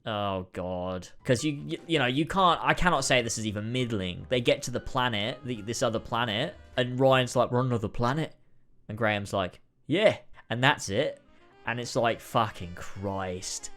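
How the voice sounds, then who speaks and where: A man's voice: medium pitch, moderate pace, a bit bright, soft background music. A man giving casual, exasperated ranking commentary, swearing and sighing often. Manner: exasperated, frequent swearing and sighs. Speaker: video creator ranking episodes.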